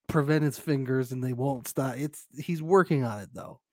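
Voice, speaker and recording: A man's voice: medium pitch, darkish tone, dry recording, clean studio sound. A man co-hosting a casual podcast, recapping a reality show and laughing often. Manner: laughs a lot, drawn-out slow delivery. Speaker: podcast co-host.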